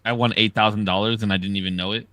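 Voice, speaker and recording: A man co-hosting a podcast, telling animated, profane stories in casual chat. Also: fairly low pitch, very fast, dry recording. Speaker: podcast co-host.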